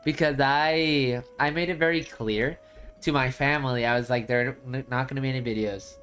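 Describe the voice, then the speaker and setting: A man streamer chatting casually with his viewers, telling a long story in a rambling, animated way full of restarts. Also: medium pitch, brisk, faint music behind.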